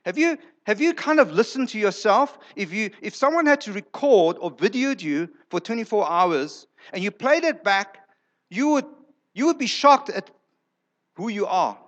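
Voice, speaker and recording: A man's voice: high voice, very animated, moderate pace, lo-fi sound. A male pastor preaching a sermon in a church, emphatic, repeating words for effect and acting out quoted lines.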